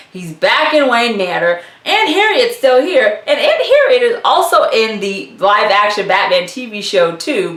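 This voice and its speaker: Bubbly woman rambling about comic history, voice jumps all over, bit high, roomy echo. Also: a bit bright. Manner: chatty and giggly, with frequent laughs and asides. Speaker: YouTube comics history host. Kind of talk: casual explainer vlog.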